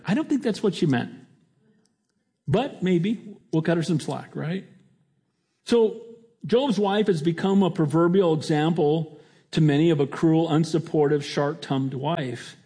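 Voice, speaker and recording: Husky, mellow-voiced preacher man. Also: fairly high pitch, measured pace. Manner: conversational, restarts often with "you know". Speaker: pastor. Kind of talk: sermon.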